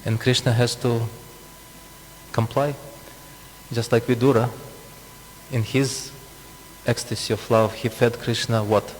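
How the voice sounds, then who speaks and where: A man's voice: medium pitch, steady tone, takes it slowly, pauses often. A man preaching a scripture class, explaining with asides and frequent chuckles. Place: temple hall. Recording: long reverb, faint hum.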